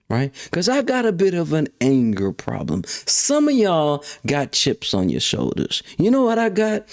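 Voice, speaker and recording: A man hosting his own show, ranting in a casual, slangy monologue that swings between loud outbursts and low mutters. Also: very animated. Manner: slangy, drawn-out emphasis. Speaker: podcast host.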